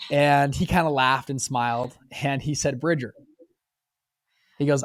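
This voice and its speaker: A man in his twenties, a guest on an interview podcast, telling his story in a lively, casual way and jumping up in pitch when he acts out quotes. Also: moderate pace, no echo. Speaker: podcast guest, fund manager.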